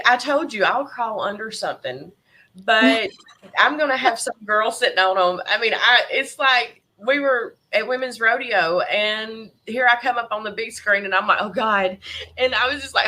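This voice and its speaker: A middle-aged woman with a Southern accent, a podcast guest and horse breeder telling emotional stories with frequent laughter. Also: on the high side. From Tennessee. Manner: emotional, animated storyteller who laughs often. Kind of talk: casual interview chat.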